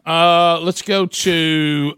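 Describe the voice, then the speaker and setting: A man's voice: on the high side, steady tone, very slow, fairly bright tone, smooth, no room sound, clean studio sound. A man hosting a call-in radio show, playful and teasing, laughing often. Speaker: radio talk show host. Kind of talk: casual call-in radio banter.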